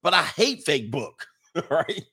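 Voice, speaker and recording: A man livestreaming a casual, sarcastic rant, swearing, laughing often and mocking others in a high voice. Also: big pitch swings, unhurried, pushed and bright, slightly rough. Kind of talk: casual ranting monologue.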